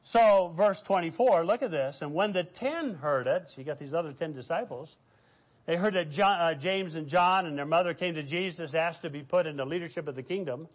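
A man's voice: a little high, brisk. A middle-aged man preaching a sermon as pastor, telling stories and acting out the voices of people he quotes.

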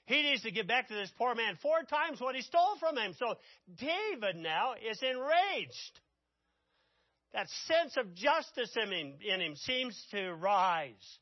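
A man preaching a sermon, telling the story dramatically and swinging from loud outbursts to hushed asides. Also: very high-pitched, sing-song, measured pace, dry recording, muffled recording.

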